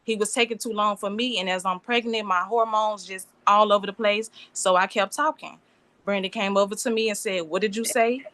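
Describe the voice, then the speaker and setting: A woman's voice: medium pitch, fairly bright tone, no room sound. Young woman pleading emotionally, dry sound. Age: 20s. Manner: emotional, pleading, run-on sentences. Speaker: alleged victim addressing a bond hearing. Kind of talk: unscripted plea in court.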